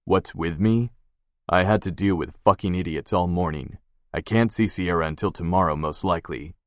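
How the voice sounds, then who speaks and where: A gruff, guarded young tattoo artist, as a narrator voices him, curt and quick to swear. The voice sits very low and deep, close to the reader's own, and the sound is dry with no room around it. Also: male voice, dry recording, lightly acted. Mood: irritated.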